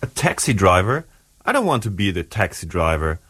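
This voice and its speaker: A man's voice: low-pitched, very animated, moderate pace, fairly bright tone, breathy edge, heavily acted. An actor playing a whiny man who begs to be the emperor. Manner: pleading, whiny.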